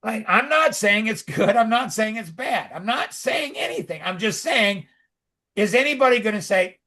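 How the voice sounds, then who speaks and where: A middle-aged man talking casually on a podcast, rambling with lots of "like" and "you know" and animated asides. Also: high voice, moderate pace. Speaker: podcast co-host. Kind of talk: casual conversational podcast talk.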